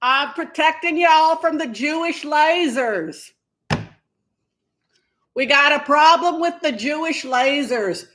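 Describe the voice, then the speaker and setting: A woman doing a comic impression of a rowdy female politician, whooping and shouting loudly. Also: sits high, slow, pitched above the performer's own voice. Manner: whooping, shouting, giddy and loud.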